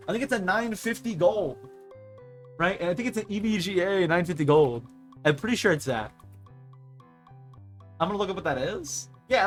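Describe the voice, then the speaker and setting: A man's voice: fairly high pitch, a bit bright. A young man streamer in casual chat, ranting in exasperation and swearing freely as he mimics the people he talks about.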